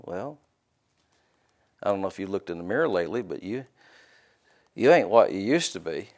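A man's voice: deep voice, lively intonation, moderate pace, long pauses, a little mellow. A middle-aged man preaching a sermon in a church, folksy and joking, with frequent amens and hallelujahs. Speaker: pastor.

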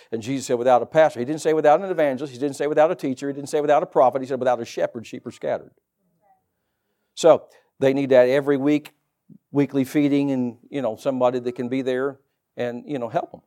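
A man's voice: medium pitch, a little mellow. A middle-aged man preaching a sermon as pastor, folksy and joking asides to the congregation.

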